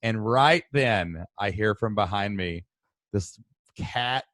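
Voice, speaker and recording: A chatty man in his thirties spins a long story as co-host, his voice jumping up and down as he gets excited. The sound is close and dry. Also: fairly low pitch, slow, no room sound. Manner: animated, talkative storyteller. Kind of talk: casual storytelling chat.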